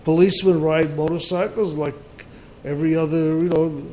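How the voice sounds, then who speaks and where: A man's voice: a little high, steady tone, normal speed, darkish tone, a little hiss or hum, poor audio. A man hosting a casual call-in talk show, rambling with many fillers and restarts. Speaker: radio show host.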